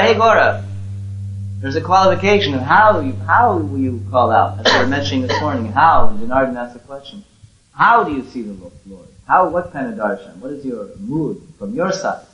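A man teaching a devotional lecture to a small audience, earnest, moving from loud calls to hushed pleading. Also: medium pitch, lively intonation, brisk. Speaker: spiritual teacher. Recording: roomy, slightly dull recording.

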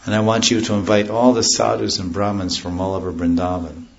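Fairly low and gravelly, this man's voice moves at a fairly quick clip with level tone, and the recording is muffled. As a spiritual teacher leading a devotional class, he wanders into stories, loses his thread, and explains scripture terms simply.

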